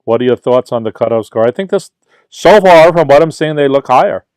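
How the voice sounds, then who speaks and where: A man's voice: mid-range voice, lively intonation, brisk, darkish tone, smooth, dry recording. Chatty New York man hosting a livestream. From Brooklyn, New York. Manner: reads viewer questions aloud and answers chattily. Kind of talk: casual livestream Q&A.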